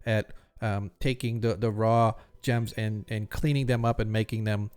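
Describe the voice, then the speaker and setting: A man's voice: on the low side, steady tone, moderate pace, darkish tone, clear, resonant tone, natural voice. A man doing a stammering nervous jeweler. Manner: stammering, hesitant, worried. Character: nervous middle-aged male human jeweler.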